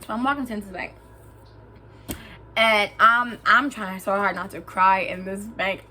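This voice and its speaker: A young woman tells a personal story straight to camera with a bright, forceful voice. She talks in an animated, emphatic way and gets heated. A faint hum sits behind her in the room. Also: mid-range voice, moderate pace, long pauses. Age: young adult. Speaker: vlogger. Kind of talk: storytime vlog.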